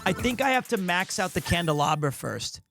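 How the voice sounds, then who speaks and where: High-voiced, hoarse male streamer. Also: brisk. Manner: rambling, excitable, self-deprecating. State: hoarse, voice partly lost. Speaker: game streamer. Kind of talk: casual livestream chat. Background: game music.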